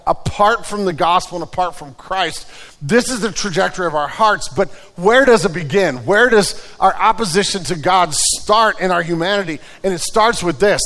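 A man's voice: high-pitched, a bit bright, big-room sound. A man preaching a sermon in a conversational way, often restarting phrases and telling everyday stories. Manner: conversational preaching with repeated restarts and told anecdotes. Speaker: pastor.

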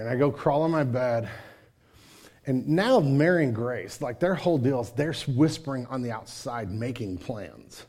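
A man preaching a casual, energetic sermon, full of slang and asides, sometimes dropping to a hushed tone. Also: medium pitch, moderate pace, husky. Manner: drops to hushed intimate tone. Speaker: pastor.

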